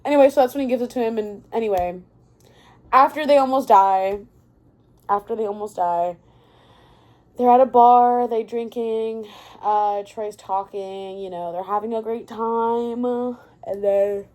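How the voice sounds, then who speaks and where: A young woman ranting casually about a book she loves, excitable and rambling, often stopping mid-thought to correct herself. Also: fairly high pitch, a little slow. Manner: rambling and excitable, often losing her thread. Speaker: book vlogger.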